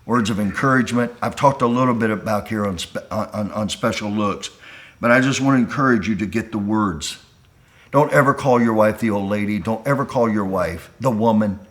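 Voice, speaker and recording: Speaking fairly quickly in a low-leaning male voice, a pastor pleads passionately with men on a call. His delivery falls quiet before surging to almost a shout.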